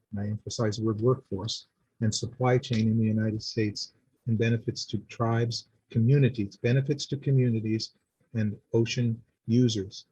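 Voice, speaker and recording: A man making a public comment at a community board meeting, earnest and halting, with many restarts. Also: on the low side, mellow, breathy edge, dry recording, muffled recording.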